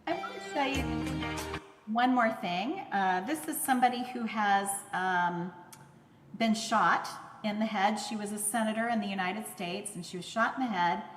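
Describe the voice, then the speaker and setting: A woman presenting a lecture on speech therapy, explaining in a measured way with some fillers. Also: medium pitch, echoey room, in a large hall, over music. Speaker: conference speaker, speech therapist.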